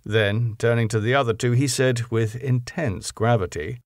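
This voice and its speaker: A man reading a classic novel aloud as an audiobook narrator, in a steady storytelling manner. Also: medium pitch, moderate pace, few pauses, dry recording, studio quality.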